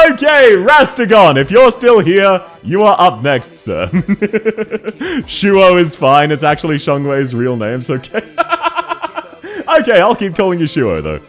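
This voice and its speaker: A man's voice: fairly high pitch, very animated, unhurried, pauses often, faint music behind. A young man streaming a game, chatting casually with viewers, laughing often and greeting people by name.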